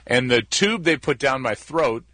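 A man's voice: medium pitch, lively intonation, unhurried, pushed and bright, no room sound. A man in his forties, a sports announcer and guest on a show, telling stories in a candid, self-deprecating way, often restarting his sentences. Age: 40s. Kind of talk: relaxed conversational storytelling.

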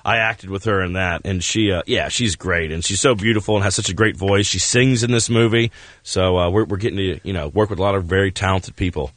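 Man, low voice, relaxed, deadpan humor, dry studio sound. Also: fairly quick, no room sound. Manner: relaxed, deadpan self-mocking. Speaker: guest actor and filmmaker. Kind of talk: radio interview chat. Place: radio studio.

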